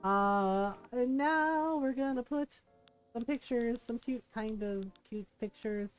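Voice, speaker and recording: A woman's voice: on the high side, takes it slowly, smooth, faint music behind. A woman streaming a life-sim game, chatting casually, telling stories and laughing often. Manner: chatty, storytelling, laughs often, playful quoted voices.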